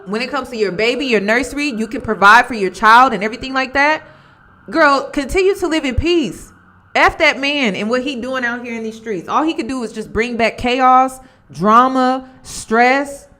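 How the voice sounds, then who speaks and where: A woman's voice: on the high side, normal speed, sharp tone. A woman vlogger giving casual commentary, candid and emphatic, repeating her points.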